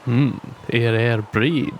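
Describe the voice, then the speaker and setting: A man's voice: mid-range voice, steady tone, slow pace, a little hiss or hum. A man playing a tabletop game, making wry jokes and describing his character. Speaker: player.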